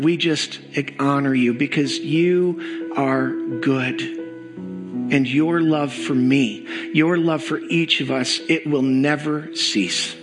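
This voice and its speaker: A man leading a congregation in slow, earnest pastoral prayer during a church service. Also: medium pitch, low-quality recording. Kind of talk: sermon prayer. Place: church sanctuary.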